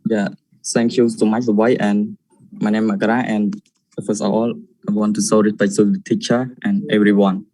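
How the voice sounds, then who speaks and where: A man's voice: on the low side, level tone, moderate pace, darkish tone, dry recording, low-quality recording. A man giving a student presentation on intonation, hesitant and searching for words. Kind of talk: class presentation.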